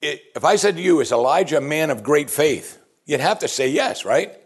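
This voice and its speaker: A man preaching a sermon, animated and asking his listeners one rhetorical question after another. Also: a little high, a little fast, breathy edge. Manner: animated, asks the audience many rhetorical questions. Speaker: pastor.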